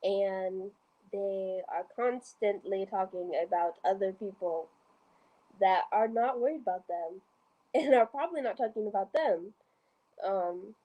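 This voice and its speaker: A woman's voice: medium pitch, highs cut off. A young woman chatting casually as a podcast guest, talking with many ums and restarts. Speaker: guest, host's daughter. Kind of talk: casual chat.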